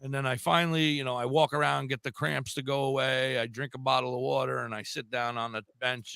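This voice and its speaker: A man's voice: medium pitch, level tone, a little fast, creaky, hardly any pauses, sharp tone, clean tone, no room sound. An older man co-hosting a podcast, telling a funny story in a casual chat and laughing as he goes. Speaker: podcast co-host.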